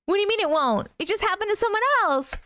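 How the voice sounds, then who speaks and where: A woman's voice: extremely high pitch, expressive, fast, a bit bright. A woman hosting a casual livestream at home, reading viewer comments aloud, easily spooked and laughing often. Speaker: host reading viewer stories. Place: home room.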